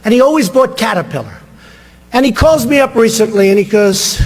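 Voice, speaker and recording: A man's voice: high-pitched, big pitch swings, a little fast, breathy edge. An older man giving a rambling, boastful campaign rally speech, repeating himself. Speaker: political candidate. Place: large rally venue. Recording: reverberant hall, long echo.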